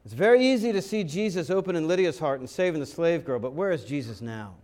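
A man's voice: fairly high pitch, lively intonation, fast talker, darkish tone. A man preaching a sermon, dramatic and full of rhetorical questions, sometimes acting out other voices. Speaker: pastor.

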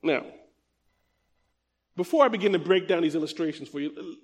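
A middle-aged man with a slightly high voice preaches a sermon, reading scripture slowly and with emphasis before slipping into quick, conversational asides to the congregation. The recording carries the long reverb of a large hall.

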